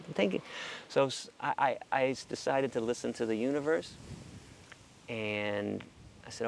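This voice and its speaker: Gravelly, animated middle-aged American man. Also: fairly low pitch, normal speed, slight background noise. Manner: animated, profane, acts out quotes. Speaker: interview guest, animal rights activist. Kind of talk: casual storytelling interview.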